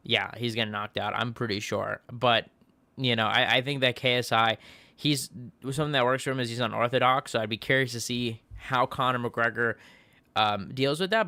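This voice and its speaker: Male streamer, casual rambling fight talk, bright crisp voice, dry close sound. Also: mid-range voice, dry recording. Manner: rambling, frequent restarts and fillers. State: tired, yawning. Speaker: MMA commentator. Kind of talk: casual livestream chat.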